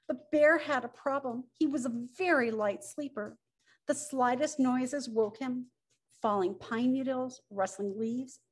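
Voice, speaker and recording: A middle-aged woman, the author, reading her picture book aloud with expressive storytelling. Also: a little high. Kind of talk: children's story read-aloud.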